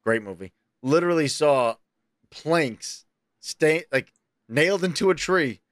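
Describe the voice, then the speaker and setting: Animated profane man telling stories. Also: a little slow, no echo, clean studio sound. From New York. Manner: animated, profane, jumps into high excited voices when quoting himself. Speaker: podcast co-host. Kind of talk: casual chat, storytelling.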